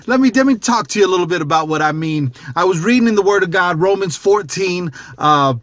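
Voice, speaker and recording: A man giving an animated, conversational devotional message as a preacher, often repeating phrases. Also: sits high, a little fast, no echo, clean studio sound.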